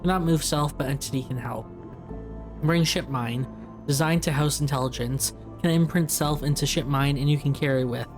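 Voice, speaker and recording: Against a backdrop of game music, a man with a fairly high voice reads, at normal speed, the clipped and broken words of an escaped machine intelligence dwelling in a vending machine. He doesn't alter his natural voice.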